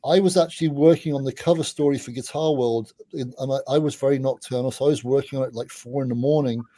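This middle-aged interview guest, a music journalist, talks fast in a mid-range voice, rambling animatedly through anecdotes with casual swearing. No room sound is audible.

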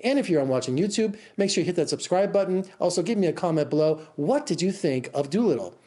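A man's voice: fairly high pitch, lively intonation, fast, hardly any pauses, mellow. A middle-aged man reviewing a film in a casual, rambling way, exasperated and full of restarts. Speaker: film critic. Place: Las Vegas.

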